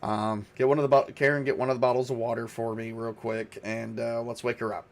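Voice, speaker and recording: A man's voice: mid-range voice, flat delivery, a little fast, creaky, natural voice. A man voicing an earnest male survivor who questions a captive, insistent and a little exasperated. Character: earnest male survivor, cabin owner's ex-husband.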